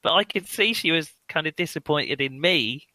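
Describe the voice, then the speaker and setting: A man's voice: a little high, lively intonation, moderate pace, sharp tone, dry recording. A man joking and rambling through an anecdote while playing a tabletop game with friends. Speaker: player.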